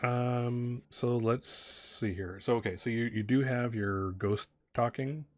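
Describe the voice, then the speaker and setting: A man's voice: medium pitch, slow, no echo. A man narrating a tabletop game as game master, rambling with many fillers and restarts.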